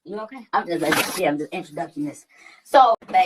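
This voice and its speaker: A woman's voice: fairly low pitch, animated, fairly quick, a little hiss or hum, low-quality recording. A woman who hosts a livestream, telling a story in casual, profane, slang-heavy chat. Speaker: livestream host.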